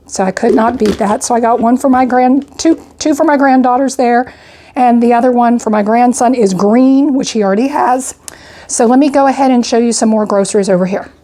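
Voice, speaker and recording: This older homestead vlogger has a mellow, higher-pitched voice and a brisk pace as she goes over her grocery haul. Chatty and a little out of breath, she itemizes each purchase with plenty of "I got" and "went ahead."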